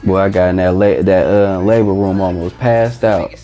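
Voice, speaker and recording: A man from East Oakland, California, appears as an interview guest, telling a story in loose, casual slang and acting out the dialogue. His voice is low and dark with fairly even intonation at a moderate pace, and soft music plays in the background.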